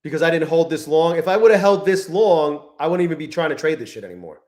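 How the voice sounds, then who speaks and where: A man with a fairly high voice narrates his trades live, swearing in nearly every sentence. He mutters low and bitter, then flares into shouting when a trade turns on him. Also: lively intonation, fast. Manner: profane, swings between muttering and shouting at the chart. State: frustrated and angry. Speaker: livestreaming futures trader. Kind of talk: live-stream trading commentary.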